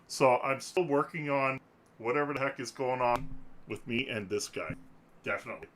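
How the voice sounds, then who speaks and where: A man's voice: mid-range voice, normal speed, fairly bright tone. A man hosting a casual podcast, joking and rambling, laughing often, talking into a desk microphone. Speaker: podcast host.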